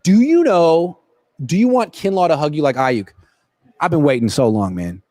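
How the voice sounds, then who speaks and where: A man's voice: a little high, lively intonation, moderate pace, darkish tone, no echo. A man hosting a casual sports livestream from a football stadium, joking and rambling as he answers viewer questions into a laptop mic. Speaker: sports reporter and host. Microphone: laptop built-in camera mic.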